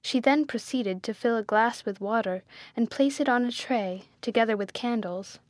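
A woman narrating a classic novel in the first person, measured and gently expressive. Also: a little high, dry recording, clean studio sound. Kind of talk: scripted audiobook narration.

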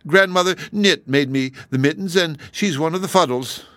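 A man voicing a weepy, fussy female kangaroo who stammers through her sobs in a very high wailing voice. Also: moderate pace, fairly bright tone, no echo, studio quality, natural voice. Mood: plaintive.

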